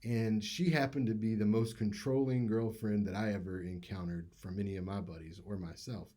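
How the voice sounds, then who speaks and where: Mellow-voiced male speech instructor. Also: fairly low pitch, fairly even intonation, normal speed. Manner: conversational, uses many fillers. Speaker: public speaking instructor. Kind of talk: casual lecture.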